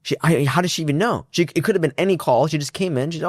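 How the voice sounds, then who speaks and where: A man's voice: on the high side, racing, dry recording, studio quality. A young man, a startup founder, casually telling a story in an interview, acting out both sides of phone calls with lots of restarts and fillers.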